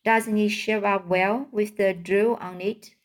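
A gentle, fading female barn spider, as a woman reads her. She talks softly and weakly, slowly and at an unhurried, patient pace. Her voice sits in a middle pitch. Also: fairly even intonation, natural voice. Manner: soft, weak and quiet.

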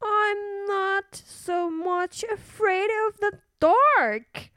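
A woman's voice: extremely high pitch, extremely slow, fairly bright tone, no echo, clean studio sound, voice pushed up, full character voice. Woman doing a frightened little princess. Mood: fretful. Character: small scared little princess girl.

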